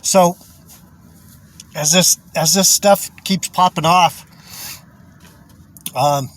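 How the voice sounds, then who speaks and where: A man's voice: on the high side, drawn-out words, fairly bright tone. A man giving rambling religious commentary, chuckling often, repeating himself and swearing.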